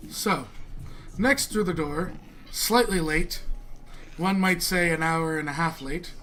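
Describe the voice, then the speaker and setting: A man's voice: on the high side, slow pace, sharp tone, slight background noise. A man narrating as dungeon master in a casual, laughing way. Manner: casual, laughing, thanks stream followers. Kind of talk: narrating a tabletop game.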